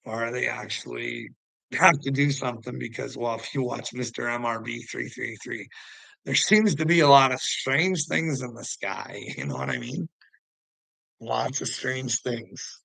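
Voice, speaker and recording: A man's voice: mid-range voice, lively intonation, a little slow, vocal fry, sharp tone, no echo, rough recording. A man rambling to his viewers in a casual monologue, preachy and taunting, jumping between topics and laughing to himself. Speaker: vlogger answering commenters.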